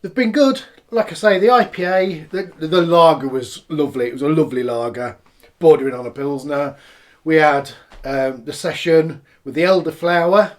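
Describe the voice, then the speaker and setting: On camera, a man reviews beers and cider in a relaxed, rambling, talkative way while sampling each. His voice is a little high and his pace moderate.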